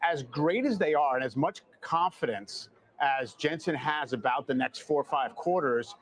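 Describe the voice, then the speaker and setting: A man's voice: on the high side, moderate pace. A man TV anchor asking thoughtful, probing questions in an interview.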